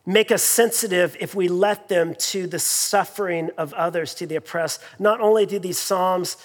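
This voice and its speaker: A man preaching a sermon as pastor, in a conversational way with fillers and repeated phrases, in a church sanctuary. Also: sits high. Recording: long reverb in a large hall.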